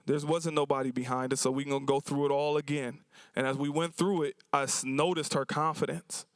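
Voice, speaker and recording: A man who runs a cafe tells audience stories in relaxed, everyday speech, slipping into the voices of his customers. His voice sits a little high and sounds smooth and resonant. The recording is close and dry, with almost no room sound. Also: a little fast, no room sound. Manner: casual, colloquial storytelling that acts out customers' lines. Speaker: cafe owner and symposium speaker. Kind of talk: storytelling talk to an audience. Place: university symposium event.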